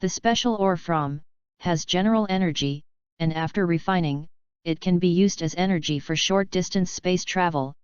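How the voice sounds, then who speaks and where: A woman's voice: lowish voice, normal speed, smooth, no room sound, natural voice. Fearful humble alien officer read by a woman, deferential, dull lo-fi sound. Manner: deferential, keeps saying sir. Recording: dull lo-fi audio.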